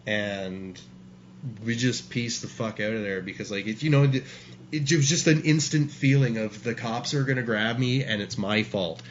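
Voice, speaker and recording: A man's voice: on the low side, normal speed. A man telling stories casually as a guest, rambling and swearing a lot. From Canada. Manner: profane, rambling storyteller. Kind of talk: casual storytelling. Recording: dull lo-fi sound, faint hiss.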